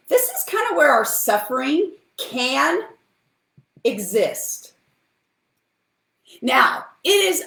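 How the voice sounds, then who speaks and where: Woman doing a pep talk, bouncy voice that swoops all over, kinda roomy echo. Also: high-pitched. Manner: energetic, animated, chatty with rhetorical questions. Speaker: motivational speaker. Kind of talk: motivational talk to camera.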